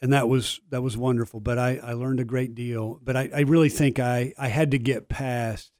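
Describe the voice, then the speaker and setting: An older man tells stories as a guest in a radio studio. He pokes fun at himself and stays modest. His voice sits at a middle pitch, and the sound is dry and close. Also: steady tone, normal speed, a little mellow, no echo. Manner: storytelling, humble and self-deprecating. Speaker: guest, former player and broadcaster. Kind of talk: casual studio interview.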